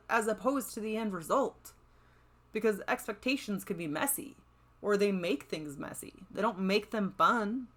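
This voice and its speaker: A woman's voice: medium pitch, a bit bright. A woman hosting a solo motivational podcast, talking in an upbeat, encouraging, chatty way and often checking in with "right?". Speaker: podcast host.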